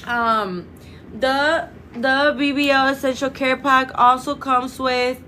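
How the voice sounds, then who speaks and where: Chatty saleswoman, slightly high voice. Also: steady tone, slow, pushed and bright, slight background noise, poor audio. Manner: chatty and salesy, keeps saying "you guys"; repeats set sales phrases. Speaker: clinic sales presenter. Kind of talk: live-streamed product pitch to viewers. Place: indoors under bright lights.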